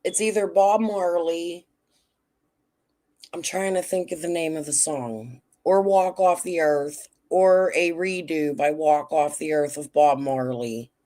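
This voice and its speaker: A woman's voice: low voice, slow, warm tone. Blunt, cussing woman hosting a livestream. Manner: blunt, profane, talks straight to chat. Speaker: livestream host. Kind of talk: casual livestream chat with viewers.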